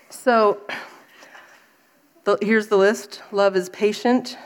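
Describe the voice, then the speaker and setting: A woman in her thirties giving a faith talk, telling a personal story with animated delivery and acting out her own frustration. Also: mid-range voice.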